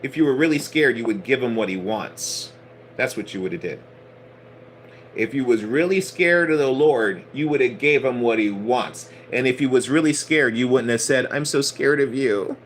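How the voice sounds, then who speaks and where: A man's voice: mid-range voice, normal speed, slight background noise. A man preaching in a casual, blunt style, swearing often and hammering points through repetition. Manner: blunt, profane, emphatic preaching; conversational, repeats phrases. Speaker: spiritual teacher. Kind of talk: casual sermon.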